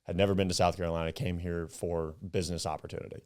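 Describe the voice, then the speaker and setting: A young man from Upstate New York, a podcast guest, chatting casually and acting out his stories with animated quotes and some swearing. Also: low voice, fast talker, smooth. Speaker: podcast guest, club founder.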